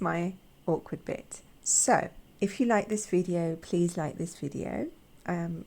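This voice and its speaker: A woman hosting an art channel, chatting casually with a croaky voice, gushing and halting with repeated words. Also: on the low side, a little mellow. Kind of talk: casual chat.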